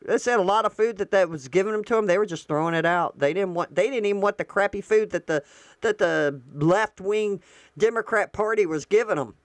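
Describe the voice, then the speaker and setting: A woman's voice: medium pitch, a little fast, no echo. Woman commentary vlogger, indignant and emphatic, mid-range voice, dry close sound. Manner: heated, indignant, repeats herself for emphasis. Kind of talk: political commentary, reading excerpts aloud and reacting.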